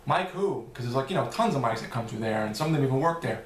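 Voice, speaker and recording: A man's voice: mid-range voice, rapid-fire, reverberant, slight background noise. A man answering viewer questions in a loose, rambling vlog, swearing now and then. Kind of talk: casual Q&A vlog.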